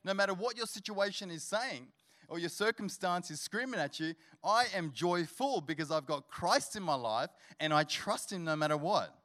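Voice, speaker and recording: A man preaching as a guest pastor at a church service, telling a humorous story before building to energetic exhortation. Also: high voice, moderate pace. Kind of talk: sermon.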